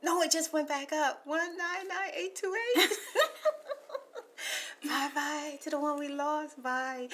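A woman hosting an ASMR channel, chatting excitedly with callers on a live stream and laughing often. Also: high voice, slow pace, slight background noise. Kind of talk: live call-in chat with viewers.

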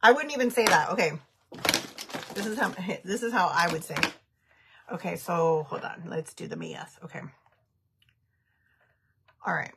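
A woman's voice: fairly low pitch, moderate pace, gravelly, long pauses, fairly bright tone, breathy edge. A woman in her thirties chatting casually on a makeup livestream, giggling often and reading viewer comments aloud. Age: 30s.

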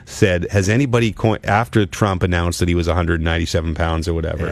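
A man hosting a podcast in casual chat, animated and laughing often with quick asides. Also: deep voice. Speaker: podcast host.

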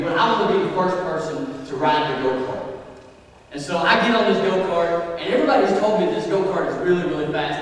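A fairly high-voiced man preaches from a church sanctuary, and the sound carries a heavy echo with long reverb. He tells a story on himself in an animated, self-mocking way, acting out his reactions. The mic sits at some distance from him, and faint room noise hangs behind his voice. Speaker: youth pastor. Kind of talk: sermon with personal storytelling. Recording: echoey church hall, voice picked up from a distance.

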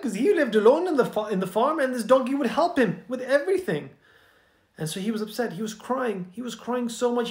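Chatty guy narrating a bedtime story, high voice, roomy echo. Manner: gentle, chatty, asks listeners questions. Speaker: children's storyteller host.

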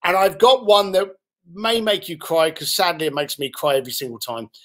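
A podcast guest tells anecdotes with lots of animation, acting out the voices of the people in his stories. He has a high, fairly bright voice and talks fairly quickly.

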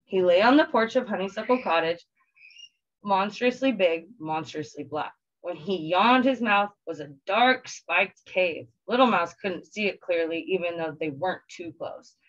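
A woman teacher reading a picture book aloud to children in a gentle, expressive storytelling way. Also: fairly low pitch, a little slow, highs cut off.

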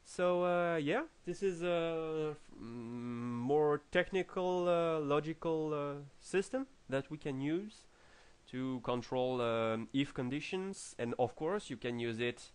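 A man with a French accent explaining programming logic in a tutorial, halting with many fillers and restarts. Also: on the high side, clean tone. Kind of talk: screen-recorded coding tutorial.

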